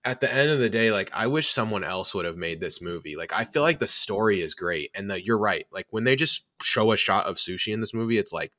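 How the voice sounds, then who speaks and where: A man with a fairly low but bright, forceful voice talks films with friends on a podcast. He is animated and scattered, leaning on "like" as he works through his thoughts. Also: a little fast, hardly any pauses. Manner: animated, frequent "like" fillers. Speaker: podcast co-host. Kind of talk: casual movie discussion.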